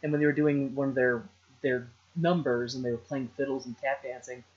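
A man's voice: medium pitch, steady tone, a little fast. A man co-hosting a podcast, chatting casually about a film with jokes and restarts. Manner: rambling, joking, with restarts. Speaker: podcast co-host. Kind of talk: casual chat reviewing a film. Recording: slightly dull lo-fi sound.

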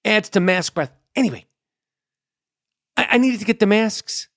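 A man's voice: high voice, normal speed, fairly bright tone. A middle-aged man, ranting in a crude, rambling comedy monologue full of repetition and swearing.

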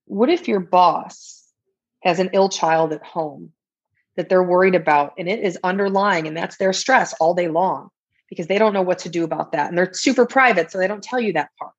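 Woman guest, husky chatty delivery, lo-fi dull podcast sound. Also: fairly low pitch, moderate pace. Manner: chatty, laughs often, frequent restarts. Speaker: guest author and coach. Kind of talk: casual podcast interview.

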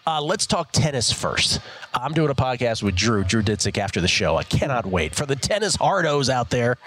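A man hosts a sports betting talk show, his pitch swinging up and down with real life. He keeps the patter brisk and jokey as he introduces guests and tees up topics. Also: very animated, a bit bright, a little hiss or hum. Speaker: radio show host.

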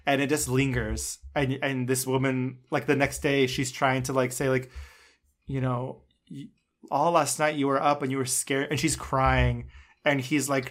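We hear a man in his natural middle pitch, talking casually on a film podcast. He gushes about movies and packs his sentences with "um" and "like". He speaks as a regular co-host of the show. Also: little pitch movement, a little slow, fairly bright tone. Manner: effusive, gushing, heavy on filler words. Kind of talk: casual film review chat.

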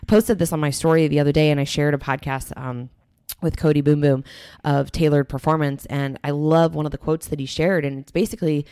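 A woman's voice: low-pitched, steady tone, fairly quick, warm tone, clean tone, no room sound, studio quality. A woman co-hosting a podcast as a fitness coach, talking in a candid, emphatic, motivational way. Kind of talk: casual podcast chat.

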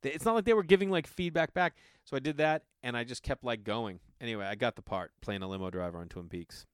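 A man's voice: medium pitch, fast, clean tone, dry recording, studio quality. A man, an actor, telling a casual anecdote in a rambling way, with a constant filler 'like'.

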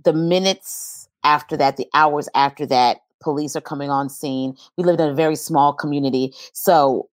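Low-voiced woman telling a personal story. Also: normal speed, hardly any pauses, dry recording, clean studio sound. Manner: earnest storytelling. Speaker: guest. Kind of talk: personal testimony in an interview.

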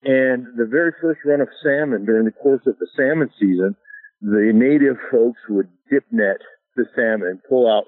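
A man's voice: mid-range voice, normal speed, no room sound. A middle-aged man from Alaska, a former pro football lineman, telling stories in a casual interview, easygoing and chuckling, full of "you know" fillers. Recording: tinny dry phone line.

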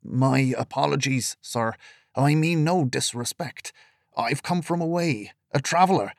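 Polite soft-spoken traveller guy as a man reads him, hushed and courteous, dry close sound. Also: mid-range voice, unhurried, creaky, dry recording. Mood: apologetic.

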